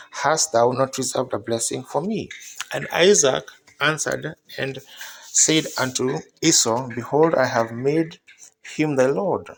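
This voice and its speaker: A man's voice: medium pitch, creaky, slight background noise. Man reading scripture solemnly. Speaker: Bible reader.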